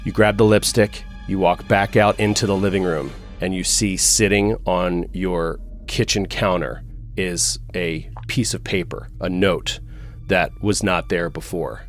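A man's voice: steady tone, a little slow, soft background music. A man narrating a tabletop horror game as game master, describing scenes in the second person. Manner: second-person scene narration, dropping low for grim moments.

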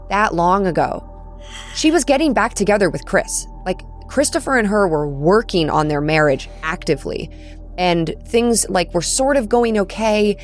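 Chatty woman describing her character. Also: on the low side. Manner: chatty, many fillers, quick. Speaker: player. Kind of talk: casual in-game narration.

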